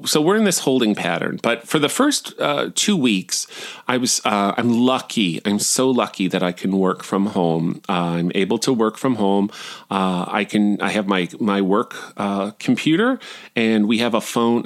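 A middle-aged man hosting a podcast, telling rambling, self-deprecating stories in a casual monologue. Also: on the low side. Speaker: podcast host.

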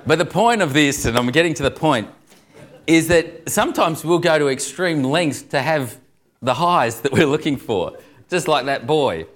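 Joking preacher. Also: male voice, a little high, expressive, normal speed. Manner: jokey storyteller, chuckles through punchlines. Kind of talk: sermon with humorous stories.

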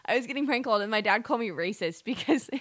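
Young female DJ, giggly storyteller, slightly high voice, dry close mic. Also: animated, rapid-fire, no room sound. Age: young adult. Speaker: radio DJ. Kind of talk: casual chat.

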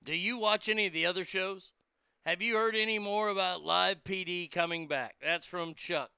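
A man's voice: sits high, fairly even intonation, moderate pace, creaky, sharp tone, clean tone, dry recording. A man hosting his own show, rambling casually and chattily with a profane edge. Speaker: host.

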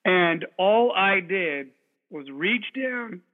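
A man co-hosting a podcast, telling an animated, profane story in casual chat. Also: high-pitched, very slow. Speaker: podcast co-host. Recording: tinny phone-like sound.

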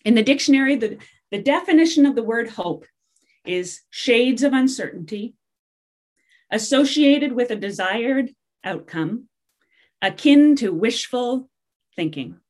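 A woman's voice: a little high, lively intonation, measured pace, a little mellow. A middle-aged woman preacher giving a sermon in a chatty, humorous way, with fillers and asides.

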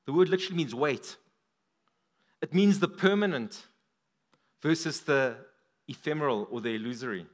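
Lively, animated male preacher. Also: normal speed, pauses often. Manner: animated, rises and drops in pitch and volume for emphasis. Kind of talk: sermon. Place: church service.

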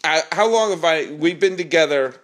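A man's voice: a little high, a bit bright. Rambling man in casual banter. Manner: rambling, teasing, lots of halting restarts. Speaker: podcast co-host. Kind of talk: casual chat.

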